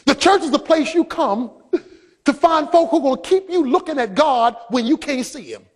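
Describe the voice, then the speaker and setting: High-pitched preacher man, shouting then going quiet, big hall echo. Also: expressive, normal speed. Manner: preaching, rising to shouts then dropping low. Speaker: pastor. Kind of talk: sermon. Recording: long hall reverb.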